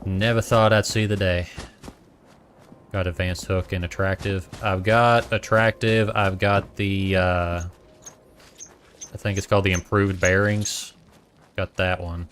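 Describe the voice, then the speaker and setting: A man's voice: low-pitched, little pitch movement, a little slow, pauses often, fairly bright tone, slight background noise. A man with a Boston accent streaming a game, chatting casually and thinking aloud. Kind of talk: casual gameplay commentary.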